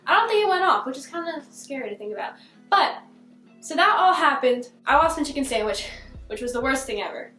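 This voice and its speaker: High-voiced young woman telling a story. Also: fairly quick. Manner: animated, laughing, many fillers. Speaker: vlogger telling a childhood story. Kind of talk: casual storytelling. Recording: echoey room with faint music.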